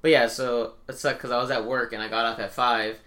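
A young man co-hosting a podcast, telling stories in a lively, casual way with offhand swearing. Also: medium pitch, a little fast. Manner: animated storytelling, swearing casually. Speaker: podcast co-host. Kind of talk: casual chat.

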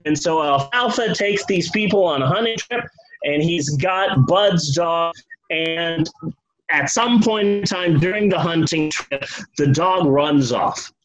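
A man's voice: a little high, unhurried, fairly bright tone, rough recording. A man hosting a podcast, telling a true story with comedy, profanity and joking asides. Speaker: podcast host.

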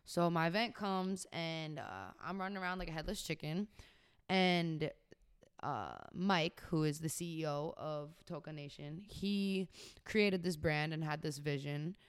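Young woman with a smooth, clear voice. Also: low voice, unhurried. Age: young adult, about 21. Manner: animated storytelling, full of "like" and "you know". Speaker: podcast guest. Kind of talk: casual podcast conversation.

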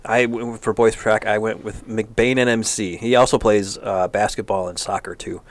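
Low-voiced man with brief dry remarks. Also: steady tone, moderate pace. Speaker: sports podcast co-host. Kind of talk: casual chat. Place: small podcast studio.

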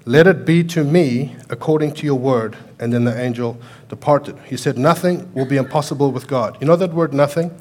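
Man preaching with loud bursts. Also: medium pitch, a little fast, hardly any pauses. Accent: foreign to American listeners. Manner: animated preaching with sudden loud outbursts and quiet storytelling. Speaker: pastor. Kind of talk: sermon.

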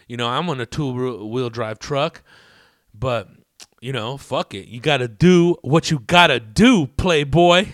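A man's voice: medium pitch, a bit bright, dry recording, clean studio sound. A young man telling a rambling story in a casual, profane, slang-heavy way to his viewers. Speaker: vlogger.

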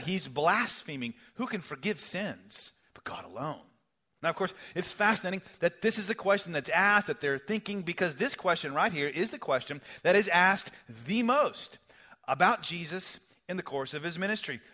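A middle-aged man preaching a sermon, swinging from loud emphasis down to hushed, near-whispered lines. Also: on the high side, expressive, normal speed. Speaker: pastor.

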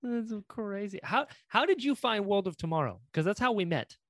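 A woman from North Carolina hosting a casual podcast chat, expressive and playful, quick to laugh. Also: medium pitch, dry recording, clean studio sound.

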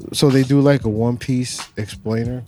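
A man, co-hosting a casual chat, jokey and quick to jump up in pitch when excited. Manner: animated, jokey, swings high when excited.

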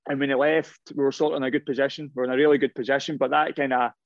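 Speaking very fast in a medium-pitched voice, a middle-aged ex-pro footballer loosely recounts his playing career in casual interview anecdotes, doubling back and restarting as he goes. The audio is dry and close-up, without room sound, and slightly muffled and dull at the top.

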